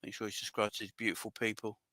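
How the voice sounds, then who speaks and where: A man hosting a fan livestream, emotional and rambling as he chats and gives shout-outs to viewers. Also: on the low side, little pitch movement, fast talker, dry recording. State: emotional, voice wavering. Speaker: fan channel livestream host. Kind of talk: emotional casual livestream chat.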